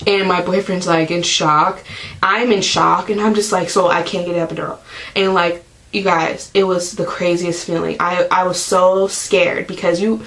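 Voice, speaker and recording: A woman's voice: lowish voice, steady tone, measured pace, a bit bright, low-quality recording. A young woman vlogging, telling a story casually to the camera, filling it with "like" and acting out what people said. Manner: chatty, heavy use of "like", acts out quotes.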